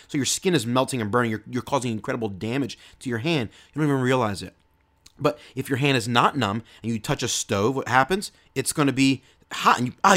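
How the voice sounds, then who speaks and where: A man's voice: medium pitch, a bit bright. A man preaching a sermon in an earnest way, often repeating words and restarting phrases.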